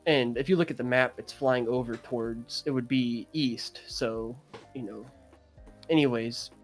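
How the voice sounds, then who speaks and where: A young man on a podcast, casually retelling a dream in a rambling, animated way, full of fillers and throat-clearing. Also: medium pitch, a little slow, soft background music. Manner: animated, gets excited retelling. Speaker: podcast co-host. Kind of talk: casual storytelling.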